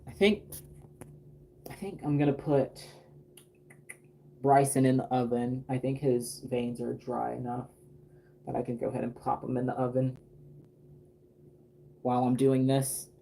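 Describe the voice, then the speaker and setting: Man, casual livestream chat, painting dolls, rambling, filler-heavy, mellow warm tone. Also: medium pitch, fairly even intonation, measured pace, creaky, pauses often, a little hiss or hum. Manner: rambling, chatty, many fillers and restarts. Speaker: doll artist painting on a livestream.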